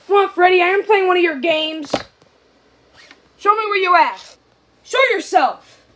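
A woman's voice: extremely high pitch, animated, unhurried, fairly bright tone, a little hiss or hum. A woman playing a horror game, exclaiming, pleading and shrieking in panic. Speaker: gamer. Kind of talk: scared let's-play commentary.

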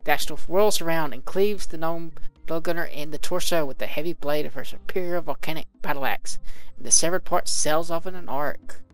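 A man's voice: on the high side, a little fast, hardly any pauses, faint music behind, poor audio. Casual man reading game combat logs. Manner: reads game text aloud with casual asides. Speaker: let's play commentator.

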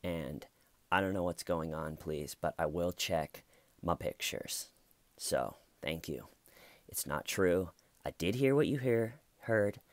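A man's voice: low voice, animated, slow, no echo. A man giving casual, blunt and sardonic commentary on a true crime case.

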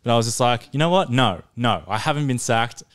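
Here a young male co-host, brisk and expressive with a mid-range, fairly bright voice, casually spins a long story peppered with curses, chuckling along the way. The sound comes from a podcast studio mic.

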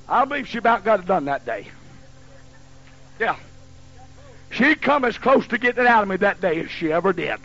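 A man in his fifties preaching a sermon in a folksy storytelling way that builds to shouting, on a dull lo-fi recording. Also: sits high, very animated, normal speed, pauses often. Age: 50s. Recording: dull lo-fi recording with faint hiss.

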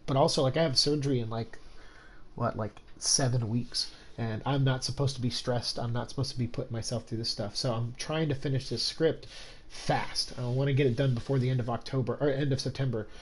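Young male streamer, congested and exhausted, mid-range voice, hushed so he won't wake a roommate, loose rambling delivery. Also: medium pitch, steady tone, fairly quick, a little hiss or hum, rough recording. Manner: keeping his voice down, rambling with many fillers. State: stuffed up with a cold. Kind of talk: casual game-stream chat. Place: home room at night.

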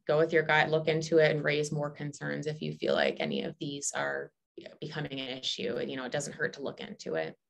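A woman gives an educational talk in a low, gravelly voice. She explains steadily, with frequent ums and self-corrections. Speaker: presenter.

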